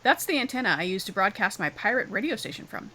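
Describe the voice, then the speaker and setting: A stubborn old boatman who says things flat out, read aloud by a woman. The voice stays bright and lively rather than deep. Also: fast, poor audio. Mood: gruff. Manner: blunt, stubborn.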